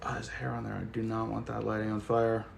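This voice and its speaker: A man's voice: fairly low pitch, completely flat delivery, a little fast, gravelly, a little hiss or hum. A man hosting a casual livestream, chatting loosely and joking while reading comments. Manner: laid-back, joking, chatty. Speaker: livestream host.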